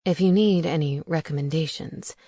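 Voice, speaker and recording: A woman narrator voicing a smooth, charming male vampire who speaks low and attentively. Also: moderate pace, dark tone, no room sound, studio quality.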